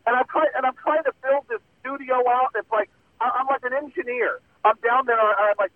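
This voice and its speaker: A man's voice: extremely high pitch, quick pace, no room sound. A man calling in as a guest, chatting casually in a rambling, self-mocking way with lots of fillers. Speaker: radio host guest. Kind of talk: casual chat. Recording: tinny phone line.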